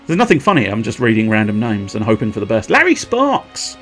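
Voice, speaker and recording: A man's voice: on the low side, lively intonation, quick pace, soft background music. A man streaming a video game, chatting playfully and joking to himself as he plays. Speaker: gaming streamer. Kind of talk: casual live gameplay commentary.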